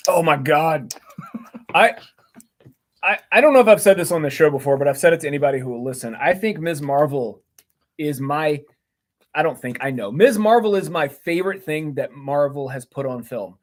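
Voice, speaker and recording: A man's voice: on the high side, expressive, normal speed. A man co-hosting a casual comics chat, enthusiastic and rambling with lots of fillers. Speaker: co-host.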